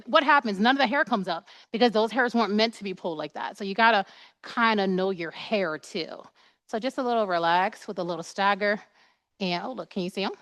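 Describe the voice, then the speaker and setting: A woman's voice: mid-range voice, fairly bright tone, no echo. A woman esthetician in her thirties giving a chatty, playful live waxing demonstration, acting out quoted dialogue as she works.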